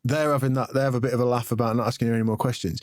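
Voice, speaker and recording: A man hosting a podcast interview. He swears freely and chips in with quick remarks. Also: medium pitch, fairly even intonation, a little mellow, no echo, studio quality. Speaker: podcast host. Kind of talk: casual interview chat.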